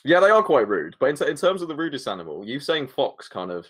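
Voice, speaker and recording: A man's voice: mid-range voice, sing-song, quick pace. A man co-hosting a casual football fan podcast, chatty and laid-back, spinning little stories. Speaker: podcast co-host. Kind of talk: casual chat.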